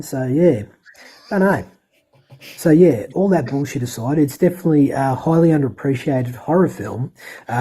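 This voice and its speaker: Sweary man, dark husky voice. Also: mid-range voice, low-quality recording. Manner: rambling, sweary, enthusiastic. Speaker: podcast co-host reviewing a film. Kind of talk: casual profane film review.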